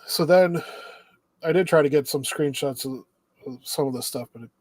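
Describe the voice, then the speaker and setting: A man co-hosting a podcast in casual chat, recapping the plot in a steady, easygoing way. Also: on the high side, moderate pace, dry recording. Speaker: podcast co-host.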